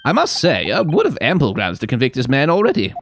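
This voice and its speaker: A man voicing a formal, measured older male judge presiding over a trial. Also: medium pitch, wildly swooping pitch, slight background noise.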